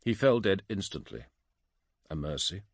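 A man narrating a dark fantasy audiobook in a low, dramatic, measured reading. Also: sing-song, vocal fry, slightly rough, dry recording, clean studio sound.

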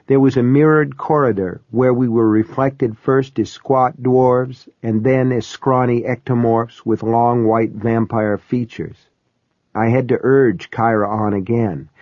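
A man reads a first-person horror story with measured, steady storytelling. His voice is dry and close, and the recording sounds dull and lo-fi. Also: medium pitch, no echo. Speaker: audiobook narrator.

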